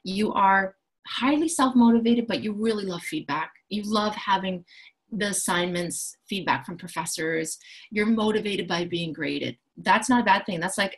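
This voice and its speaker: Here an empowerment coach and school founder pitches her coaching programs in a promotional explainer, chatty and full of confident enthusiasm. She has a husky, mid-range female voice at normal speed, and the audio quality is poor.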